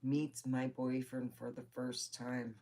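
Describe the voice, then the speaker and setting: A woman's voice: extremely low pitch, level tone, slow pace, dark tone. A woman vlogger telling personal stories in a rambling, chatty way, with swearing. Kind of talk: casual personal storytelling.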